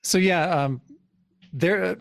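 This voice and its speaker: A man's voice: sits high, slow pace, vocal fry, dry recording, studio quality. A man co-hosting a podcast in casual chat, recapping a comic and laughing often. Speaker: podcast co-host.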